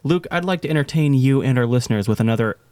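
A man's voice: mid-range voice, animated, quick pace, a little mellow, dry recording. A young adult man co-hosting a podcast, telling a rambling story with lots of fillers and acted-out quotes. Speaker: podcast co-host. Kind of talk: casual storytelling chat.

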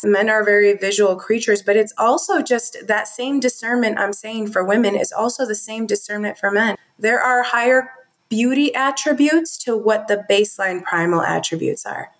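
A woman's voice: a little high, normal speed. Earnest woman guest on a podcast. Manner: earnest, heartfelt. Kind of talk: conversational interview talk.

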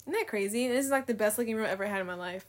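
A woman's voice: medium pitch, rapid-fire. A young woman vlogging in a casual, candid monologue, rambling between thoughts, swearing freely and laughing often.

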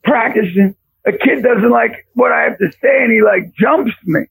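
A man's voice: very high voice, normal speed, gravelly, slightly rough, rough recording. A middle-aged man, a preacher and youth basketball coach, telling a story in a faith conversation and acting out the voices in it with big jumps.

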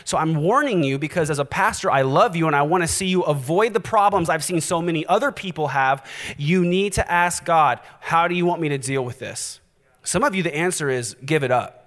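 Pastor guy preaching, fairly high voice, long echo in a church hall. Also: a little fast. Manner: animated, direct, challenging. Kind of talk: sermon.

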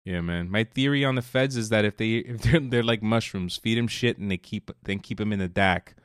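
A man's voice: lowish voice, a little fast, smooth, dry recording, studio quality. A man co-hosting a podcast, chatting casually with loose, profane, jokey banter. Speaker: podcast co-host. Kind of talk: casual chat.

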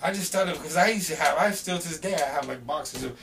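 A middle-aged man casually telling a story on a podcast, animated and swearing, shouting out the quoted lines. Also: on the high side, fast, recorded from a distance. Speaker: podcast guest.

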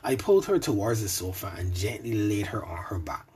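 A man narrating an adult story in a soft, intimate way, sometimes dropping to a whisper. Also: on the low side, lively intonation, fairly quick, slightly rough.

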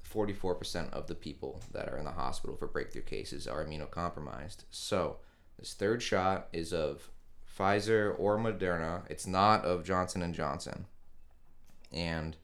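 Brief: very low-pitched man, podcast co-host, unhurried news rundown in casual chat. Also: fairly bright tone.

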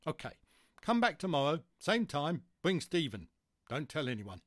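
A man's voice: fairly high pitch, big pitch swings, normal speed, fairly bright tone, no room sound, studio quality, voice pushed up. A man voicing a blunt, sardonic mother carpenter bee in a storybook.

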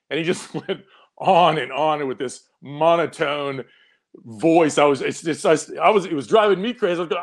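A man's voice: fairly high pitch, normal speed. A man on a panel, telling a story with amusement, stumbling over his words. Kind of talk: casual panel chat.

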